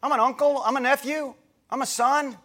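A middle-aged American pastor preaches a sermon, retelling a conversation loosely and conversationally and often restarting his sentences. His voice is extremely high-pitched and a bit bright, with fairly even intonation at a moderate pace.

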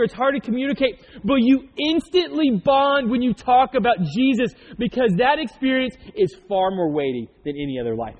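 A high-pitched man preaching from the pulpit, easygoing and chatty, slipping stories and jokes into the sermon. His voice rings with a long reverb in a large church, and the sound is a bit muffled. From Oklahoma. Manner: conversational storytelling with jokes. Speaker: pastor.

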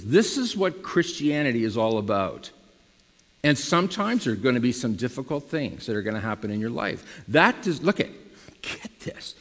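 A man preaching a sermon to his congregation in lively style, now and then rising to loud emphatic bursts. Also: fairly high pitch, in a large hall. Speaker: pastor.

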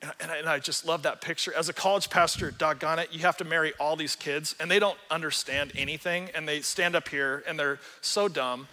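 A man pastor preaching a sermon in an animated, earnest storytelling way, acting out the quotes he tells. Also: a little high, brisk, few pauses, big-room sound, a little hiss or hum.

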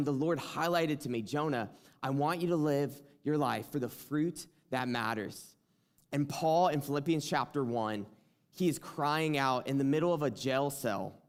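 A young man preaching a sermon, telling a personal story earnestly and building to impassioned emphasis. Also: fairly high pitch.

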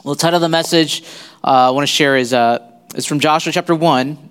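A man giving a sermon as a visiting pastor in a church, speaking haltingly with many fillers and restarts. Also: on the high side, fairly bright tone, clear, resonant tone, in a large hall. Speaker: guest pastor. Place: church sanctuary.

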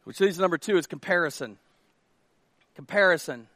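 High-voiced animated male preacher. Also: brisk, no room sound. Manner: animated, jokey, shouting at times. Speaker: pastor. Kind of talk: sermon.

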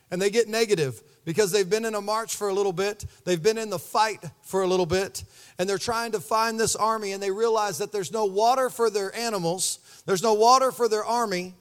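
A pastor preaching a sermon, telling the story with animated energy and acting out the voices. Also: male voice, high-pitched, smooth.

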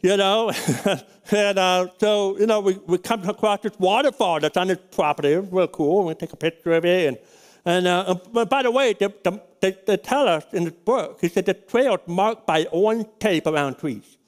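A man's voice: high voice, normal speed. A middle-aged male pastor telling a personal story in a sermon, folksy and rambling, with frequent restarts.

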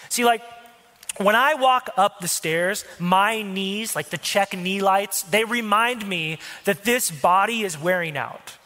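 Male preacher, high and bright voice, chatty sermon with crowd asides, reverberant church hall. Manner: conversational preaching with asides to the congregation. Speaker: pastor.

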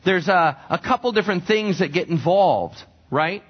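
A man's voice: high-pitched, expressive, moderate pace, breathy edge. A man preaching a sermon as a pastor, talking conversationally and asking the congregation questions. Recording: dull lo-fi recording.

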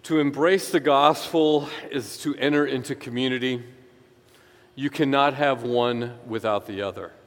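A man preaching a sermon in an earnest, emphatic way, slowing down to stress key phrases. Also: mid-range voice. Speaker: pastor. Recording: echoey hall reverb.

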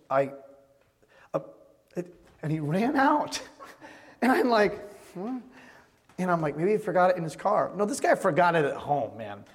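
A man's voice: high-pitched, big-room sound. A man preaching a sermon as a pastor, moving from a told story into emphatic preaching.

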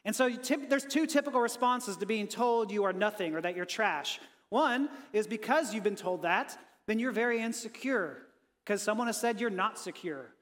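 A pastor giving an energetic, conversational sermon and talking with his congregation in a church. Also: high-pitched, normal speed, big-room sound.

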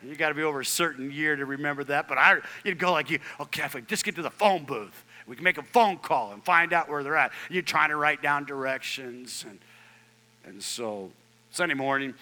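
A man in his fifties, a pastor preaching a storytelling sermon, animated and joking with the congregation, dropping from loud outbursts to hushed near-whispers. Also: a little high, fairly quick, low-quality recording. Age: 50s. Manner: jokey asides to the congregation.

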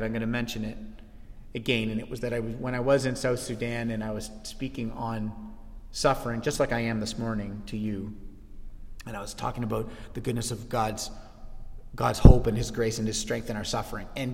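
A man preaching a sermon, animated, dropping low and then rising to shouts. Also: long reverb tail. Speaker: pastor.

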